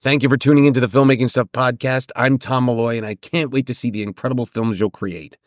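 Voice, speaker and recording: A man's voice: mid-range voice, fairly even intonation, fast, dry recording, clean studio sound. A man hosting a solo filmmaking podcast, giving advice in a conversational, emphatic way and often checking in with "right?".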